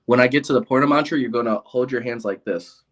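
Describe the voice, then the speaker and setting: A man in a relaxed interview, talking with lively energy and laughing easily as he tells stories. His voice sits in an ordinary middle pitch, and his manner is open and chatty. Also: fast talker. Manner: animated storyteller, laughs often. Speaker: interview guest. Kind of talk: casual chat.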